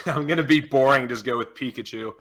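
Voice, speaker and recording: A man co-hosting a livestream in casual chat, blunt, profane and deadpan. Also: mid-range voice, moderate pace, a loud crowd. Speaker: co-host.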